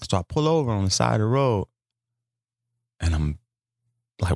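Profane, animated storytelling man. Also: fairly low pitch, a little fast, no echo, studio quality. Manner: animated, acts out voices, swears freely. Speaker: comedian guest.

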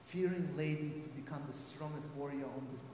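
Man, preacher, fairly high voice, heavy hall echo. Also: a little fast, a crowd in the background. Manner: emphatic, swings from loud calls to hushed storytelling. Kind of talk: sermon with storytelling. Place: large hall. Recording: echoey hall from a distance.

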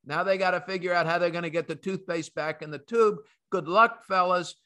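A man's voice: high voice, steady tone, fairly quick, pushed and bright. An American man hosting a market commentary podcast, emphatic and opinionated, talking straight to his listeners. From United States. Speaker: podcast host.

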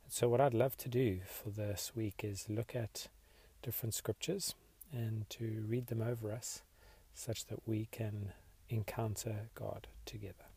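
Man, podcast host, devotional meditation, low husky voice, flat even delivery. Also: no room sound. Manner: slow, reflective, soft-spoken.

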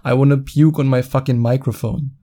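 This German-accented man hosts a solo podcast through a studio mic, speaking briskly in a warm, medium-pitched voice with a steady tone. His delivery is blunt and mocking, full of swearing.

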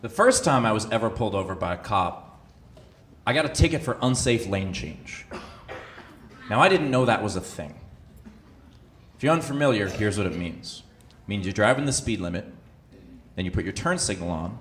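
A man's voice: lowish voice, animated, normal speed, long pauses, a bit bright. A man doing a stand-up comedy set, telling a story with sarcastic, incredulous asides. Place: live comedy venue with audience. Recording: echoey venue with audience noise.

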